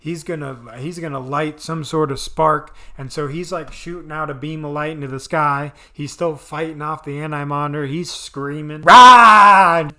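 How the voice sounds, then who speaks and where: A man recapping a TV episode in loose, casual chat. He rambles and restarts with plenty of fillers, his voice bright and forceful. He sits a little high for a man. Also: flat delivery, moderate pace, few pauses. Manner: rambling, filler-heavy, enthusiastic. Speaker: video reviewer.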